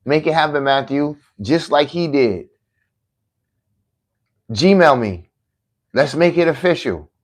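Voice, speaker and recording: A man's voice: fairly high pitch, expressive, slow pace, long pauses. A man hosting his own podcast in a combative, boastful live-stream talk, taunting and challenging his critics to debate. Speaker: podcast host.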